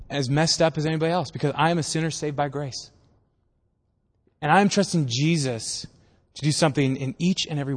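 A man's voice: medium pitch, in a large hall. A man pastor giving a casual, conversational sermon in a church. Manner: casual, conversational preaching with acted-out voices.

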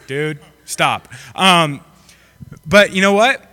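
A young man preaches in a loose, joking way, rambling and full of fillers as he talks to the room. His voice is bright and slightly higher than most men's. It rings out with the long reverb of a hall. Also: lively intonation, moderate pace. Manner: rambling and jokey with many fillers. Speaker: pastor. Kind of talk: casual, joking sermon.

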